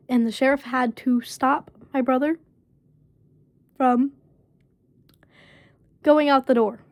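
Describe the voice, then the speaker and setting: A woman's voice: fairly high pitch, darkish tone, dry recording. A woman casually telling a personal story, leaning heavily on fillers like "basically" and "um". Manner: halting, full of fillers like "basically" and "um". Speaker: storyteller vlogger.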